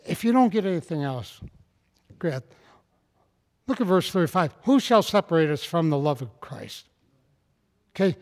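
A man preaching a sermon in a folksy, conversational way that rises into fervent, loud passages. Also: on the high side, big pitch swings, moderate pace, pauses often, in a large hall.

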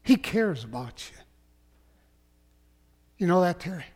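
A man preaching a sermon as a pastor, slow and emphatic, sometimes dropping to a hush. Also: sits high, big pitch swings. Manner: slow, emphatic preaching that drops to hushed tones. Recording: long echoing hall.

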